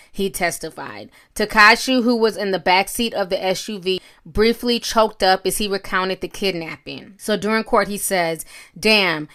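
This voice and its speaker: A woman's voice: medium pitch, sharp tone, clean tone. A woman hosting casual news commentary, reading articles aloud and then talking them over. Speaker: commentary host.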